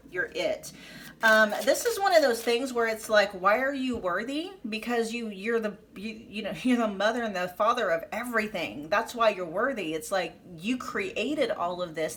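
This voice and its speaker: A woman's voice: medium pitch, bright, forceful tone, slight background noise. A woman giving a pick-a-card tarot reading, effusive and emphatic, speaking straight to her viewers with many fillers. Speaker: tarot reader.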